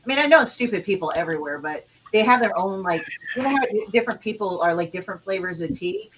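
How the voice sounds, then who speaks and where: Midwestern woman, mid pitch, profane rambling co-host, noisy audio. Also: animated, fast. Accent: flat Midwestern US. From Chicago. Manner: swears a lot, rambling storyteller. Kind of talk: casual chat. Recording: noisy background.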